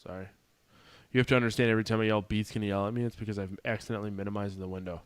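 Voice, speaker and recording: A man's voice: fairly low pitch, level tone, rapid-fire, clean tone, dry recording. A man hosting a podcast in casual chat, rambling and swearing loosely as he wraps up the show. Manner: loose, profane, rambling asides. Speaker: podcast host.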